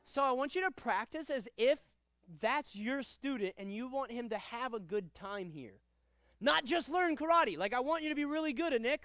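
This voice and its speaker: A young man runs a karate class in a high, crisp voice, barking loud commands and then dropping into easy, chatty asides. The sound is dry and close, with no room echo. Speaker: karate instructor. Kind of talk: teaching a live martial arts class.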